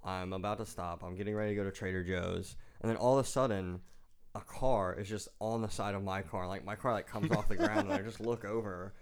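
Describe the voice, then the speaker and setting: Young man telling stories, animated. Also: lowish voice, fairly quick. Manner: animated storyteller, swears, acts out shouting in quotes. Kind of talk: casual chat.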